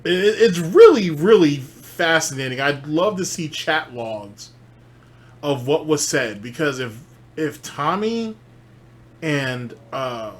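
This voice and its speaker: A man's voice: on the high side, big pitch swings, slow. A man hosting a reaction show, musing aloud about a clip with many restarts and filler words. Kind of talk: reaction commentary.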